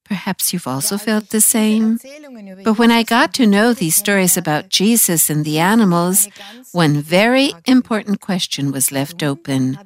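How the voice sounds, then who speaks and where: A woman's voice: mid-range voice, normal speed. A woman presenting a religious program, reading scripture and reflecting earnestly on it.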